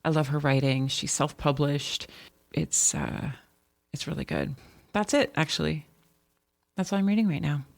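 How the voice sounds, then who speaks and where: A woman's voice: low-pitched, normal speed, gravelly, no room sound. A woman co-hosting a podcast in casual chat, talking in a chatty, rambling way with frequent restarts. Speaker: podcast co-host.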